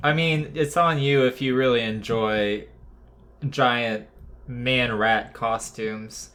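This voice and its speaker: A man co-hosting a casual podcast, making wry deadpan quips. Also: medium pitch, slow pace. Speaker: podcast co-host.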